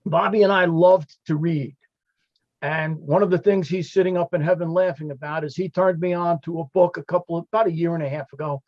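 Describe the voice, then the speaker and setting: Man, fire captain, heartfelt storytelling, higher voice, lo-fi call sound. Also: steady tone, a little fast, a little mellow, no room sound. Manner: storytelling, heartfelt, quoting friends. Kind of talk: emotional tribute in a video call panel. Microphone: video call.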